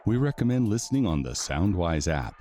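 A man announcing a podcast intro in a measured, scripted way. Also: deep voice, big pitch swings, mellow.

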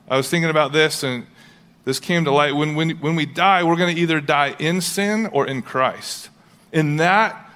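A young man preaching a sermon in a casual, conversational way, with playful asides and quick acted-out quotes. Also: a little high, a bit bright. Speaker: pastor.

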